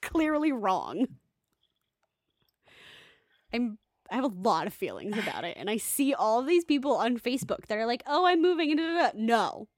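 A woman in casual chat reviewing a movie, animated and quick to rant, laughing often. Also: a little high, no room sound, clean studio sound.

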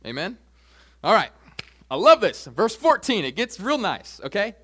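A young man preaching a sermon as pastor, animated, jumping his voice up high when acting out quoted asides. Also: measured pace, husky.

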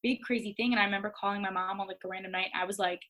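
Bright, candid young woman chatting. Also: mid-range voice, racing, rough recording. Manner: candid, animated, lots of "like". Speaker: podcast guest. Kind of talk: casual conversation.

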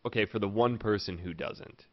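A man's voice: fairly low pitch, moderate pace, no room sound. A man hosting a podcast in casual chat, teasing his guests and laughing often. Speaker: podcast host. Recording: dull lo-fi dry sound.

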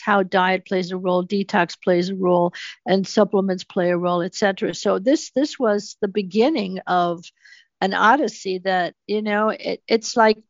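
A woman's voice: mid-range voice, no echo. Emphatic older woman telling a story. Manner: animated, emphatic storytelling with acted quotes. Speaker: guest researcher. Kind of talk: storytelling interview answer. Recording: dull, dry, slightly muffled sound.

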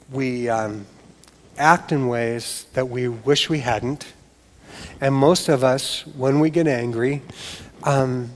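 A man preaching a sermon as a pastor, with an animated, conversational delivery full of rhetorical asides. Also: medium pitch. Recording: long hall reverb.

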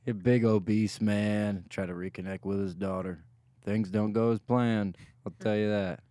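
A man in a casual podcast chat, throwing in wisecracks and deadpan asides. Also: lowish voice, normal speed, dry recording.

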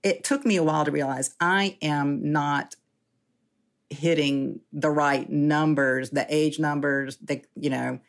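Low raspy-edged woman around 60, chatty interview storytelling, laughs a lot. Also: slow. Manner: animated, laughing often, frequent restarts. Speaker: journalist and interviewee. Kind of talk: candid conversational storytelling.

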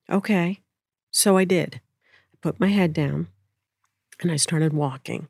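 Woman, spiritual storyteller, gentle reflective delivery, laughs easily, dry close mic. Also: fairly low pitch, measured pace, creaky, long pauses, slightly rough, dry recording. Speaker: spiritual speaker. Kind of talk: casual storytelling chat.

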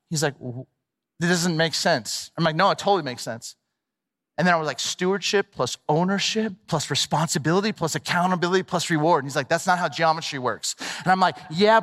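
A middle-aged male pastor preaching a sermon in a lively, conversational way with playful asides. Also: fairly high pitch. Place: large church hall. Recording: long reverb of a large hall.

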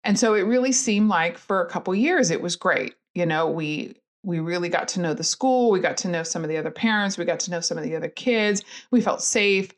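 A woman's voice: fairly low pitch, a little fast, hardly any pauses. A middle-aged woman telling a personal family story in an earnest, candid way, with many fillers and restarts. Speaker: guest telling her story.

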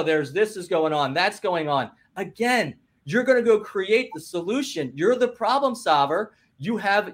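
A high-voiced man, a guest business coach, gives a lively, motivating talk. Emphatic and rallying, he keeps interrupting himself with "listen" and "guess what."

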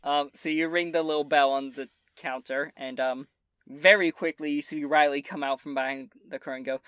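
A woman's voice: low-pitched, fairly even intonation, normal speed, fairly bright tone, smooth, no echo, clean studio sound. A woman narrating and voicing characters as game master of a tabletop role-play, casual and hesitant.

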